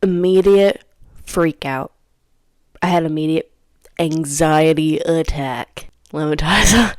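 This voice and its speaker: A woman's voice: low voice, a little slow, long pauses, no room sound, studio quality. A young woman in her twenties hosting a podcast, telling a story in a casual, dramatic way, repeating phrases and dropping into whispers for emphasis. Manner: animated, dramatic retelling with sudden whispers and cries; repeats phrases for emphasis, says "dude" and "girl". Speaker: podcast host.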